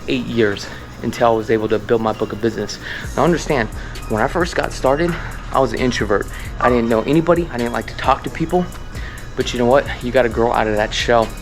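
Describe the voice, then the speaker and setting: A man, a real estate agent vlogging in a loose, rambling, motivational way. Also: medium pitch. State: out of breath while walking. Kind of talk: casual vlog talk to camera.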